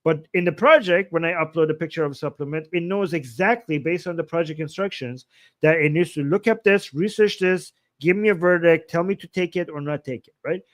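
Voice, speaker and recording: A man hosting a livestream, explaining his method in a blunt, animated, casual way and swearing freely. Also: a little high, fairly quick. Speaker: livestream host.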